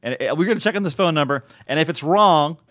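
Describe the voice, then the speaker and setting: A man's voice: fairly high pitch, animated, fast talker, a bit bright, dry recording, studio quality. A man hosting a casual comedy podcast, rambling off the cuff and laughing often. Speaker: podcast host.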